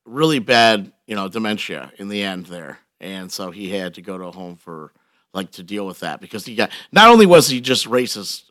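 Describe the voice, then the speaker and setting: A man from Costa Rica in casual chat, telling stories with deadpan jokes. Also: lowish voice, normal speed, dry recording. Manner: deadpan joking.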